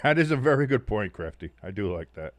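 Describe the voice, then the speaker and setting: Very animated and quick, this lowish-voiced stream host calls football plays and reads viewers' messages out loud. His jokes are dry, sardonic and heavily profane, and the recording is dry.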